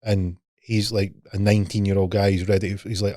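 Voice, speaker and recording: A man's voice: on the low side, flat delivery, brisk, mellow, dry recording, clean studio sound. A man hosting a podcast, telling a long story in a casual, sweary way. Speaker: podcast host.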